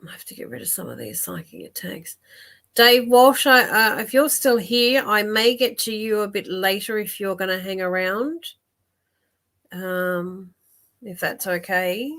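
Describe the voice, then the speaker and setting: A woman's voice: mid-range voice, lively intonation, measured pace, fairly bright tone. A woman hosting a live psychic reading stream, chatty and laughing often, with many fillers and restarts. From Australia.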